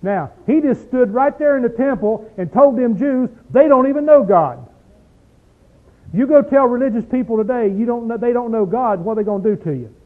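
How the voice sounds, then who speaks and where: A man preaching a sermon and reading scripture. He talks emphatically and folksily, asks the listeners lots of rhetorical questions, and slows right down to stress a verse. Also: extremely high pitch, expressive, narrow, tinny audio.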